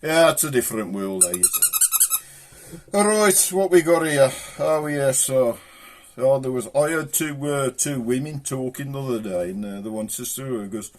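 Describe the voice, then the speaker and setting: A man's voice: medium pitch, normal speed. An older man rambling through jokes and stories in a chatty, self-amused way. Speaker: joke teller. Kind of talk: casual storytelling monologue.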